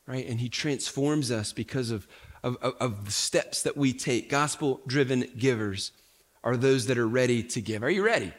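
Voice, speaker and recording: A man's voice: medium pitch, normal speed. A man preaching a sermon as pastor, talking conversationally with rhetorical questions and repeated restarts.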